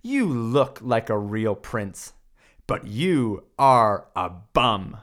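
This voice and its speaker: A man voicing a clever, bold young princess in a read-aloud picture book, sly and flattering. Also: mid-range voice, slow pace.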